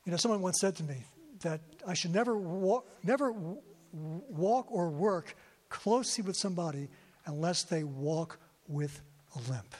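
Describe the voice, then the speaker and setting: A man's voice: sits high, animated, moderate pace, a little mellow. A man preaching a sermon to a congregation, telling his story with feeling and often repeating himself. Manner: emotional storytelling, repeats words. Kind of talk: sermon testimony. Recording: long hall reverb.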